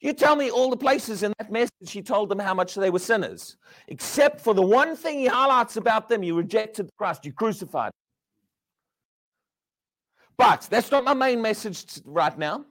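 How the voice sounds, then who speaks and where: A man preaching a sermon, asking the crowd rhetorical questions and dropping from loud emphasis to hushed words. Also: high-pitched, animated, moderate pace.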